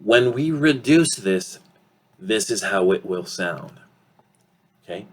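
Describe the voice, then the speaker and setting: Slow, deliberate male English teacher. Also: fairly low pitch. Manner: slow, deliberate, ends points with "okay?", many "um"s. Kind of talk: online English pronunciation lesson.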